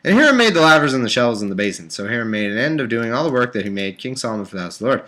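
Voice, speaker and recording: Live-streaming from home over a webcam or desktop mic, a man reads scripture aloud and breaks off into exasperated, sarcastic rants. His medium-pitched voice is sing-song and fairly bright, and he races along.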